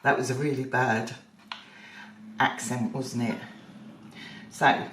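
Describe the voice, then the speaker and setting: Brief: unhurried home cook walking through a bake, self-mocking, roomy kitchen sound with the mic set back. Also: medium pitch, little pitch movement, a bit bright, recorded from a distance, a little hiss or hum. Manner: chatty and self-deprecating, thinking aloud with ums. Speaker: home baking presenter. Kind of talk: casual cooking demonstration.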